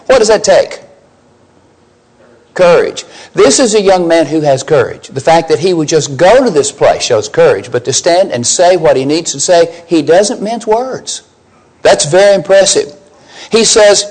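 A man's voice: fairly high pitch, moderate pace, a little mellow, low-quality recording. A man preaching a sermon, emphatic, putting questions to his listeners and rising on key scripture lines.

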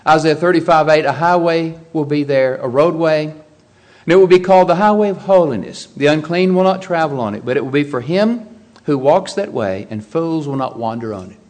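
A man preaching an expository sermon, stressing key words loudly and dropping to low, quiet asides. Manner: emphatic, swinging from loud high stresses to low quiet asides.

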